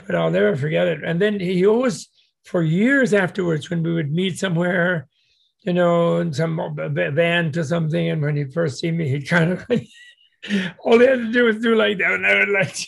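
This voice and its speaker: A man's voice: high voice, steady tone, normal speed, gravelly, slightly rough. An older man telling a long, digressive anecdote casually as a guest speaker, with many restarts and chuckles.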